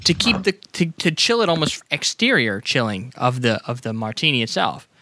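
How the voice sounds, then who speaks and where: A man's voice: mid-range voice, very animated, normal speed, sharp tone, no echo. A tipsy man in casual chat, rambling and joking with plenty of profanity.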